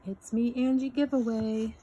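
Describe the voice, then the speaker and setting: A woman's voice: on the high side, steady tone, moderate pace, mellow, husky. A woman hosting her own channel, gushing and exclaiming as she unboxes a gift box. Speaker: channel host. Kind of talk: unboxing vlog.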